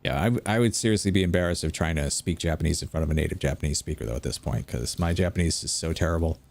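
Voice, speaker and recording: Extremely low-pitched and racing, this American gameplay commentator's darkish voice carries vocal fry. He rambles through stories as he plays, interrupting himself and restarting his sentences.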